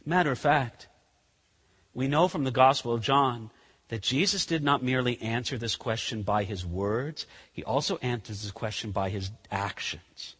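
A man's voice: medium pitch, normal speed, fairly bright tone, breathy edge. A male pastor preaching a conversational sermon. He acts out scenes as he talks. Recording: long reverb of a large hall.

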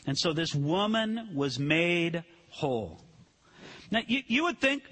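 Bright, husky-voiced preacher man. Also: fairly high pitch, slow. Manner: animated, acts out quoted voices. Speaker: pastor. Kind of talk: sermon.

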